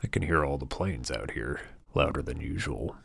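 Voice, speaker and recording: A man voicing a weary, lonely man quietly musing to himself. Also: a bass voice, normal speed, gravelly, breathy edge, no echo, clean studio sound, full character voice. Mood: pensive. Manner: quiet, musing inner monologue.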